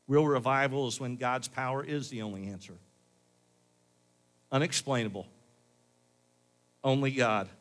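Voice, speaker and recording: A male pastor preaching a sermon in church, building to pleading questions. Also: mid-range voice.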